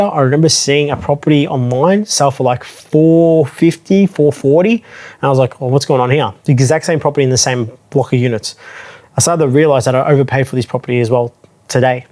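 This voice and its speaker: A man's voice: fairly high pitch, darkish tone. A man speaking casually to camera, frank and conversational, recounting a property purchase with restarts and asides. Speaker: property advisor telling his own story. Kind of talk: casual talking-head storytelling.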